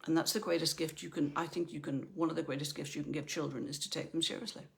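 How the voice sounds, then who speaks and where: Woman, middle-aged, life coach, chatty motivational talk, gravelly edges. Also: deep voice, steady tone, fast talker. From Northern Ireland. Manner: chatty, often asks "right?".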